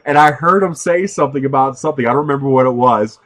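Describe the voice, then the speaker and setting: A man's voice: medium pitch, fast talker, a bit bright. A man hosting a 3D printing livestream, chatting casually with viewers, telling stories loosely with profanity and frequent laughter.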